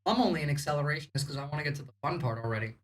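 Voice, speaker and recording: A woman's voice: low-pitched, lively intonation, racing, crowd noise. A woman from the United States hosting a livestream, giving rambling, sarcastic political commentary. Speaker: livestream host.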